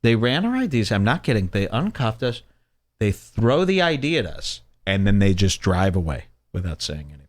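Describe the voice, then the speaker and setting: Here a podcast host, a middle-aged man from Chicago's suburbs in the USA, talks at normal speed in a lowish voice. Chatting casually, he spins animated stories and performs the quotes.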